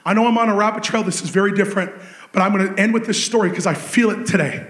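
A man with a high voice preaches in an echoey church hall. He tells his story with animated energy, swinging between excited shouts and hushed, intense stretches. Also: fast. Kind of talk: sermon.

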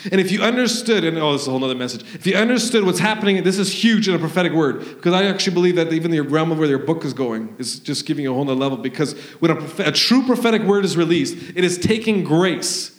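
A man's voice: on the high side, fast, few pauses, echoey room. A man preaching and praying prophetically in a church service, fervent and rambling, acting out quoted voices. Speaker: pastor. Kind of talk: sermon with prophetic prayer. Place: church hall.

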